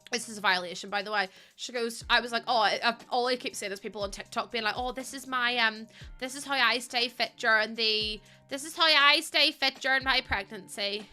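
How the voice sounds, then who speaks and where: A British woman chats away on her livestream, laughing often and swearing freely. Her voice is bright and a touch high, and soft music plays faintly behind her. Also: fairly quick. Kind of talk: casual stream chat.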